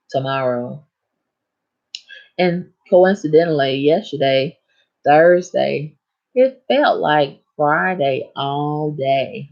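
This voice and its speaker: A woman's voice: a bass voice, darkish tone, dull audio. A woman chatting frankly on a casual livestream, laughing at her own stories. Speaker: livestream host.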